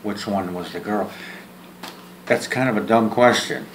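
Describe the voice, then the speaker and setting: This man's voice sits on the low side, and he talks unhurriedly while filming his half of a phone chat. Expect joking, rambling, restarted and repeated words, and self-deprecating humor. Slight background noise and faint ambience come through in a roomy space.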